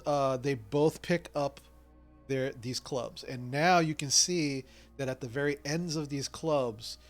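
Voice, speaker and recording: A man narrating as game master, telling the scene in a relaxed way with many fillers. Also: medium pitch. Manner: filler-heavy, relaxed storytelling.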